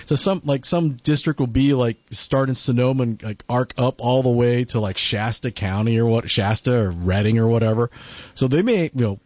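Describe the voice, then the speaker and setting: A man's voice: mid-range voice, moderate pace, dry recording. A male talk radio host chatting casually and rambling, restarting his sentences. The sound is dry and slightly muffled. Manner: rambling, hesitant.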